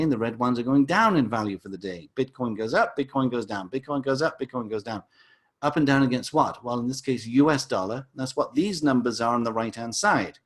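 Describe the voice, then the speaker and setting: A man teaching a crypto lesson over a chart, enthusiastic and salesy, with frequent repeated words and asides. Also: medium pitch. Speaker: crypto educator.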